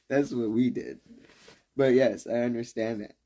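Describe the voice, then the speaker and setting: A man's voice: mid-range voice, fairly even intonation, a little slow, dark tone. A man ranting casually on a live stream, rambling and swearing, with frequent laughs. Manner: rambling, profane, laughs often. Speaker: livestreamer.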